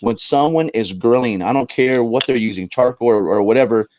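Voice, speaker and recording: A man's voice: mid-range voice, brisk, no room sound, highs cut off. A man, a paranormal investigator, telling a story on a talk show, with lots of restarts. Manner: animated storyteller with many restarts.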